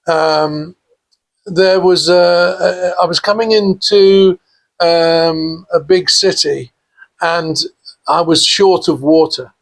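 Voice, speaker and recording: An older English podcast guest spins loose, rambling anecdotes with plenty of fillers and laughs. His voice is on the high side, steady in tone, and slow.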